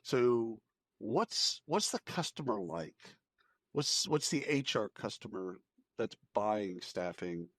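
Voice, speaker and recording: A man's voice: on the low side, expressive, slow pace, no echo. A man co-hosting a podcast, teasing his partner and asking rambling questions. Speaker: podcast co-host. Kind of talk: casual podcast banter.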